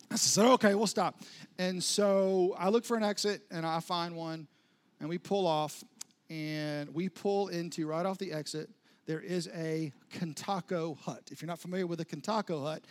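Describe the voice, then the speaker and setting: A pastor telling a humorous, self-mocking personal story during a sermon, acting out his own past words. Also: high voice.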